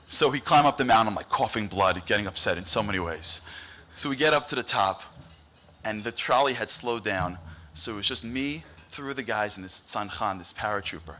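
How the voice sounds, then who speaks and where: A man from the United States tells an animated story to a dinner crowd, speaking into a podium microphone. His voice is bright and forward, and he drops into the voices of the people in his story. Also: on the low side, slight background noise. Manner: animated, acts out quoted voices. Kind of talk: storytelling speech. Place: banquet hall event.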